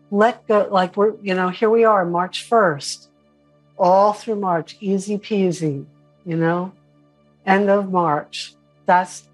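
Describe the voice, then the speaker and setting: A woman teaching an online spiritual class in a casual, animated way, now and then mimicking whiny voices. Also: on the low side, low-quality recording.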